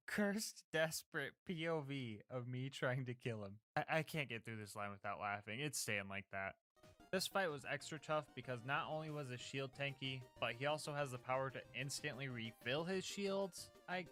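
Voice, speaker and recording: A man's voice: medium pitch, bright, forceful tone. A man narrating a scripted gameplay recap of a challenge run in a jokey, upbeat, slangy way.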